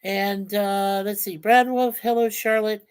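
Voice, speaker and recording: A man's voice: high voice, fairly even intonation, measured pace, smooth. A man, possibly middle-aged, hosting a casual livestream. He chats about his picks, reads viewer comments aloud, and greets people by name, often stumbling and repeating words. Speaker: livestream host.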